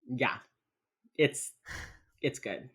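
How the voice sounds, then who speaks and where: A woman co-hosting a podcast, chatting casually and laughing as she recaps a TV episode. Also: very slow. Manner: laughing, animated, acts out characters in quotes. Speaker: podcast co-host. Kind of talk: casual chat recapping a TV show.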